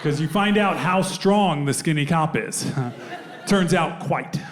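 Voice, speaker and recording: Wry stand-up comic telling a story. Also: male voice, fairly high pitch, slow, noisy background. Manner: wry, acts out other people's voices. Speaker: stand-up comedian. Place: live comedy venue.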